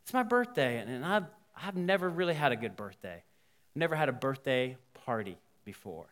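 A man's voice: mid-range voice, sing-song, moderate pace, a bit bright. A preacher voicing a lonely woman about to turn thirty-nine, who speaks plaintively, in a reverberant hall.

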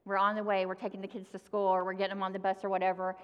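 A woman's voice: medium pitch, monotone, very fast, clear, resonant tone, highs cut off. A woman giving a sermon, talking to the congregation in a conversational way and addressing them directly. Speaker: preacher. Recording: long hall reverb.

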